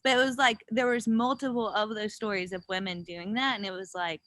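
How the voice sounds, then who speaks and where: Brisk and medium-pitched, with no room sound, a young female pro gravel cyclist talks as a guest about her races in a casual chat. She's an animated storyteller, performing the quotes and swearing liberally.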